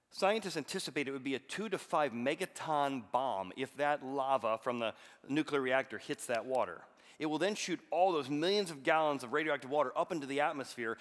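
Preacher in a big echoing hall. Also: male voice, medium pitch. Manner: storytelling, reading scripture aloud with sudden loud emphasis. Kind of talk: sermon. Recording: long hall reverb.

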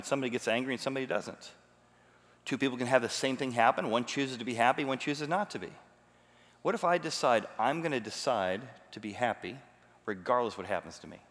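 A man's voice: mid-range voice, fairly bright tone. A man preaching a sermon as a pastor, teaching emphatically and asking rhetorical questions. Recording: long hall reverb.

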